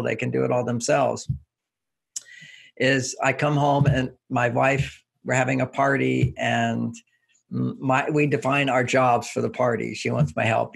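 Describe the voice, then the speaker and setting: A man with a deeply gravelly, husky voice talks through his ideas as an interview guest. He teaches through everyday stories and chuckles often along the way. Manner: anecdotal, instructive, chuckling. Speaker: relationship author and guest. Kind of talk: relaxed interview talk.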